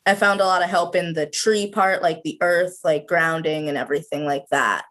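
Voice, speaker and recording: A woman's voice: fairly low pitch, moderate pace, fairly bright tone. A woman of about twenty, a student guest on a video call, chatting casually with lots of "like" fillers. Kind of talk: casual interview chat.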